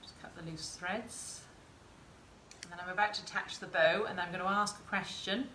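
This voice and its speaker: A woman's voice: fairly low pitch, steady tone, moderate pace, pushed and bright, slight background noise. A woman tutor giving a chatty live sewing demonstration and talking to her viewers. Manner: chatty, encouraging, talks to viewers in chat. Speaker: craft tutor. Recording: roomy echo, faint ambience.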